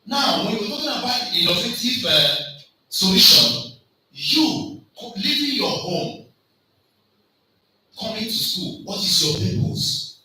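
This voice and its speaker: An African man giving a loud, emphatic motivational lecture at a conference, quizzing the audience with call-and-response questions. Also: high voice, big pitch swings, takes it slowly, pauses often. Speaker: conference speaker. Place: large lecture hall. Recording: echoey hall, mic far off, faint noise.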